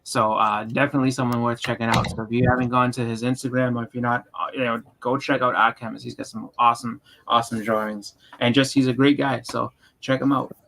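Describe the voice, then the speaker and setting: Bright-voiced man chatting about comics. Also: mid-range voice, flat delivery, quick pace, gravelly, hardly any pauses, a little hiss or hum, low-quality recording. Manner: rambling, with many fillers and restarts. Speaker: co-host. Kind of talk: casual chat on a comics stream.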